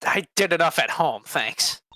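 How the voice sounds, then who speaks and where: A voice actor playing an exasperated young male defense lawyer with dry, flat comebacks in a fan voice-over of a game. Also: medium pitch, normal speed, slight background noise.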